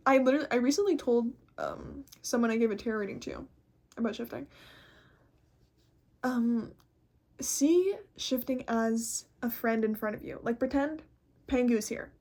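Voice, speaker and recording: A woman's voice: a little high, a little mellow. A woman hosting a casual vlog, talking bluntly and animatedly and swearing constantly. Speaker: host.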